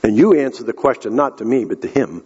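Husky man preaching in an echoey hall. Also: medium pitch, animated, fast, darkish tone. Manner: earnest storytelling, addresses the congregation directly. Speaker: pastor. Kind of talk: sermon. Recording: echoey hall, dull lo-fi sound.

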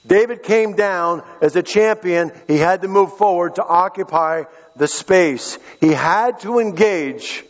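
Husky-voiced pastor preaching in a hall. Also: male voice, high-pitched, expressive, measured pace, hardly any pauses. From western Pennsylvania, US. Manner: impassioned, repeats key phrases. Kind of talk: sermon. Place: church sanctuary. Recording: echoey hall, dull lo-fi sound.

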